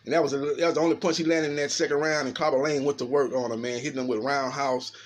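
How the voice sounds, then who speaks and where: A middle-aged man giving casual, animated boxing analysis, talking fast and tagging his sentences with "man". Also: mid-range voice. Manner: fast, animated, filler-heavy talk with repeated "man". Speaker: boxing commentator.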